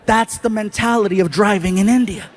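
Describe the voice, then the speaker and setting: A man doing stand-up, telling a long story in an animated, exaggerated way on a comedy stage. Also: sits high, fairly quick.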